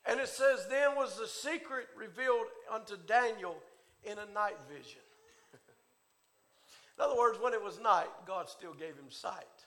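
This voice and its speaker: A male preacher delivering a sermon in a rhythmic cadence, swinging from hushed tones to shouting. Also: high voice, unhurried. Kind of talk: Pentecostal-style sermon.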